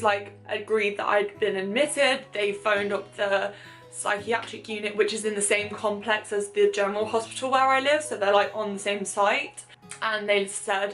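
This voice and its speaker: A woman's voice: mid-range voice, fairly bright tone. Young british girl chatting to camera, open and rambly, lots of likes and ums, swears a bit, faint music behind. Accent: British English. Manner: candid and chatty, many fillers, swears, self-mocking asides. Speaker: vlogger. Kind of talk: casual confessional chat.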